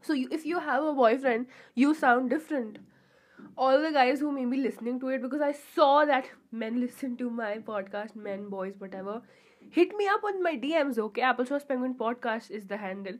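A woman's voice: high voice, normal speed. A young adult woman hosting a casual solo podcast, rambling and chatty with lots of fillers and giggly asides, in a pure-sounding voice. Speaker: podcast host.

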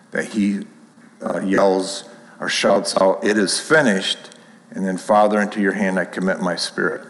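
A man giving a sermon, reading scripture aloud and explaining it in a measured, explanatory way. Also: fairly low pitch, in a large hall, rough recording. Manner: measured, explanatory, reads aloud then comments. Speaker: preacher.

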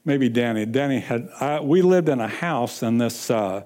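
A middle-aged man preaching a sermon, telling a personal story with sudden swings from loud to hushed. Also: medium pitch, lively intonation, moderate pace. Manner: breaks into sung lines and laughter.

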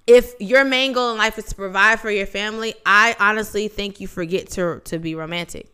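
A woman's voice: medium pitch, fairly quick, bright, forceful tone, smooth. A woman co-hosting a podcast, chatting casually with slangy, laid-back banter. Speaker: podcast co-host. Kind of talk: casual chat.

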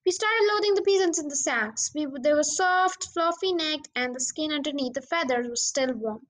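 A woman reads a children's novel aloud in steady storytelling narration. Her voice sits high. The delivery is even and unhurried. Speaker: podcast reader. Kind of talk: audiobook reading of a children's novel.

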